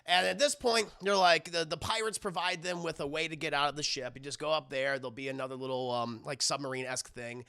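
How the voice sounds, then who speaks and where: A male reviewer recapping an episode in a loose, animated way, jumping into bits of the scenes as he goes. His voice sits high with a heavy gravelly edge and a bright tone. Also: fast talker, few pauses. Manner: animated, laughs, acts out scenes. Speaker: show reviewer. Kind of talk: casual recap commentary.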